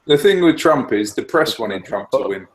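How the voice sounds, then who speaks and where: A man's voice: mid-range voice, very animated, normal speed. A man in a casual group chat, speaking in a blunt, matter-of-fact way.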